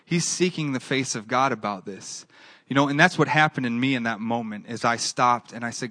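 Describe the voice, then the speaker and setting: A man's voice: mid-range voice, a little fast, pushed and bright, no room sound, studio quality. A man preaching a sermon with an earnest, repetitive cadence, then leading a closing prayer. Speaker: pastor.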